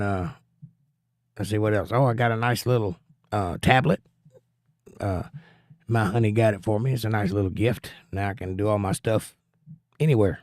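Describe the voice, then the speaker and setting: A man's voice: mid-range voice, no room sound, studio quality. A middle-aged man hosting a casual livestream, reading viewer comments aloud in an easygoing, folksy way. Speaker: livestream host.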